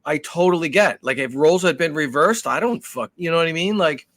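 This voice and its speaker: A man co-hosting a podcast, telling a story in casual chat with animated, profane delivery. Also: a little high, fairly quick, no echo. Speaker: podcast co-host.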